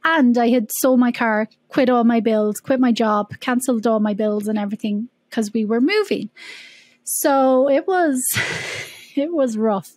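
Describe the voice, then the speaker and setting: A woman's voice: on the high side, measured pace, darkish tone, no echo. A woman guest on a podcast, chatting casually and animatedly, laughing and acting out her own past questions. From Ireland. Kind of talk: casual conversational interview.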